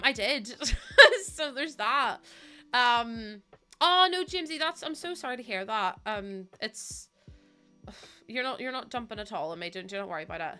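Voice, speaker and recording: Young woman, streamer, bright crisp voice, fairly high, chatty, giggly, sniffly, faint music behind. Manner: chatty and giggly, greets viewers. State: sniffly, close to tears. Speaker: live streamer. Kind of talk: casual live-stream chat.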